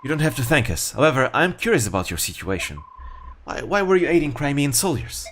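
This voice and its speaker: A man voicing a frank young mercenary leader in a low, blunt tone. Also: very animated, a little fast, fairly bright tone, a little hiss or hum.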